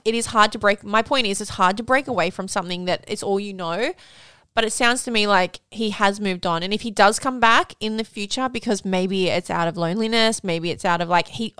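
Candid woman in her thirties, smooth voice. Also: mid-range voice, fairly bright tone, no echo, clean studio sound. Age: 30s. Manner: candid storytelling, swears freely, laughs through tears. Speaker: podcast co-host. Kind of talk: casual chat, personal story.

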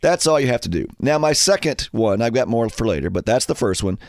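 A man's voice: medium pitch, a little fast, dry recording. Guy hosting radio, casual chatty storytelling, dry close mic sound. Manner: animated storyteller, acts out voices. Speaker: radio host. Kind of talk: casual sports radio chat. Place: radio studio.

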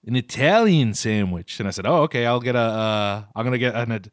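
A man's voice: medium pitch, fairly even intonation, fast talker, smooth, dry recording, clean studio sound. A man co-hosting a casual podcast, telling rambling stories with restarts. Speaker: podcast co-host. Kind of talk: casual food podcast chat.

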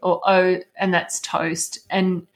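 Woman, casual chat co-host, talkative, laughs a lot, mid pitch. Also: a little slow, a bit bright. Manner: chatty, laughs often, acts out her child's words. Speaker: podcast co-host.

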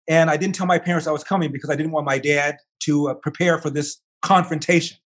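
An older man talking as an interview guest, telling a long personal story in an animated way and acting out the voices of the people in it. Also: fairly high pitch, fast.

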